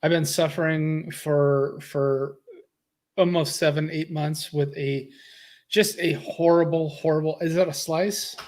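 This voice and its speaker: A man co-hosting a golf live stream, talking in a halting way and repeating himself. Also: fairly high pitch, fairly even intonation, darkish tone. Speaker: golf podcast co-host. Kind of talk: casual live-stream chat.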